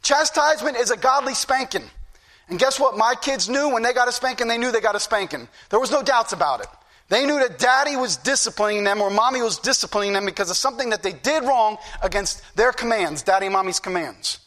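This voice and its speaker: A man's voice: very high-pitched, lively intonation, fairly quick, bright, forceful tone. A middle-aged man preaching a fervent sermon, repeating phrases for emphasis.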